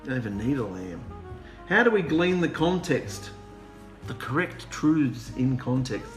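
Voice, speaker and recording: A man preaching an animated, humorous sermon, sarcastic and worked up. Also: mid-range voice, a little slow. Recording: echoey room with music behind.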